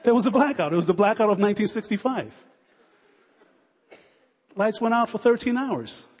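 A man in his forties preaches with rising fervor, circling back on phrases as he builds to prayer. His voice sits a touch high and has a husky edge. It rings out with a long reverb, as in a church hall. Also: animated, moderate pace. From United States. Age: 40s. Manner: fervent, repetitive, building to prayer. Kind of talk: sermon.

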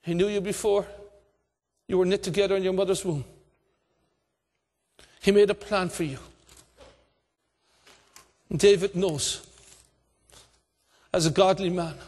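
High-voiced preacher in a reverberant hall. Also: male voice, fairly even intonation, moderate pace, pauses often. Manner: impassioned, preaching with rising shouts. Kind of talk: evangelistic sermon.

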